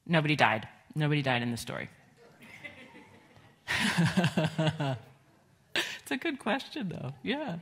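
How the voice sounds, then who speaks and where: Woman, middle-aged, pastor, children's sermon, low voice, gentle, conversational. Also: sing-song, slow, pauses often, slightly rough. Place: church sanctuary.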